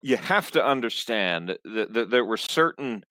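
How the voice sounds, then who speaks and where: Male co-host, fairly low voice, dry close sound, interrupts often. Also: animated, a little slow, sharp tone, no echo. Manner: interjecting, steering the conversation. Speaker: podcast co-host. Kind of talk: casual chat.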